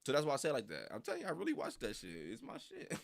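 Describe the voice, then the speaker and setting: A man's voice: on the high side, huge pitch swings, rapid-fire, creaky. A young man rambling casually on a livestream, full of slang and frequent laughter. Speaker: reaction streamer.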